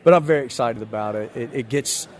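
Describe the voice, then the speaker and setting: A man's voice: medium pitch, fast. A man with a Southern US drawl talks through an interview. He rambles from one folksy story to the next and plays himself down. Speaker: magician guest. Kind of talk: casual interview chat.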